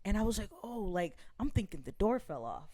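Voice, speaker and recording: A young woman co-hosting a podcast, telling a long story in an animated way, full of slang. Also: medium pitch, fairly quick, husky, no room sound. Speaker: podcast co-host.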